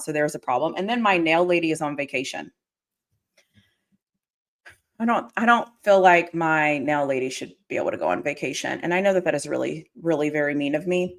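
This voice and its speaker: A young woman chatting casually on her livestream. Her voice swings widely in pitch, jumping up into excited squeals as she greets viewers. The talk is loose and rambling, full of fillers. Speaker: livestream host.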